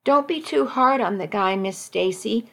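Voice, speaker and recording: A woman's voice: a little high, lively intonation, unhurried, creaky, bright, forceful tone, heavily acted. A woman voicing a crude drunk man who slurs and stumbles over his words in a spoken story. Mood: mocking. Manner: slurred, stumbling speech.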